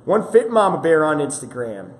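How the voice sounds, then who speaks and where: A man's voice: fairly high pitch, sing-song, normal speed. A man hosting a live fitness stream, chatting casually and apologetically while greeting viewers, recorded through a camera mic. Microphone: camera-mounted mic. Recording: roomy echo with faint ambient noise.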